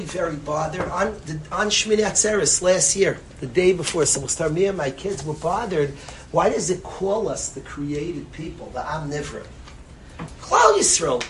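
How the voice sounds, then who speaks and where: A man giving an impassioned sermon as a rabbi. He swings between loud emphasis and soft, hushed phrases, and repeats lines for stress. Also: sits high, a little hiss or hum, rough recording.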